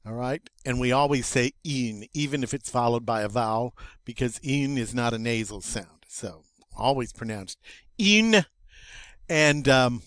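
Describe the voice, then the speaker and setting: An older man, teaching French vocabulary in a slow, patient, folksy way, drawing out each word. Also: mid-range voice, fairly bright tone, dry recording. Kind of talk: recorded vocabulary lesson.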